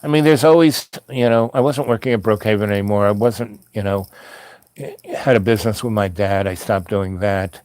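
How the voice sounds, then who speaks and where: A man's voice: fairly low pitch, moderate pace, darkish tone, no echo. A man telling a long personal anecdote in a loose, meandering way, full of asides and restarts. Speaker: storyteller.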